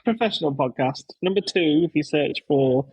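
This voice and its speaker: A man's voice: on the high side, expressive, normal speed, a little mellow, husky, no echo, rough recording. A man hosting a casual podcast, telling stories with enthusiasm and lots of restarts. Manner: rambling, enthusiastic, many restarts. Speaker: podcast host, dad.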